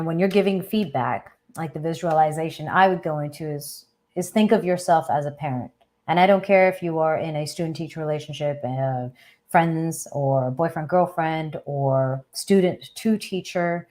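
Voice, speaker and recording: Low-voiced woman hosting live chat. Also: a little mellow. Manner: conversational, often ends points with a questioning "right?"; thinks aloud with fillers and small restarts. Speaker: host of a live Q&A. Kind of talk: casual live chat talk.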